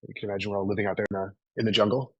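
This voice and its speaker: A man's voice: on the low side, level tone, very fast, husky, no room sound, highs cut off. A man in his thirties coaching a group in a live online training, casual and profane, always checking in with "right?". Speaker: sales coach.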